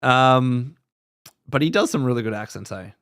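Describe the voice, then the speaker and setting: A man chatting casually on a livestream. His pitch swings widely as he talks, and he laughs often and trails off mid-thought. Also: animated, normal speed, a bit bright, smooth. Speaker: podcast host. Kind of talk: casual live-stream chat.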